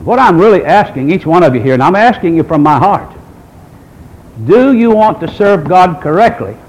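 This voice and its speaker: A man's voice: high voice, animated, moderate pace, darkish tone, low-quality recording. A man in his sixties preaching a sermon, quoting scripture and asking the congregation rhetorical questions in an emphatic way. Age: 60s. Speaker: pastor.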